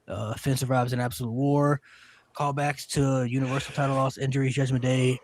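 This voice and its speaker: A man hosting a casual podcast, reading a list aloud with lots of "uh" fillers and excited outbursts. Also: mid-range voice, brisk. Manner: excitable, filler-heavy, many "uh"s. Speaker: podcast host.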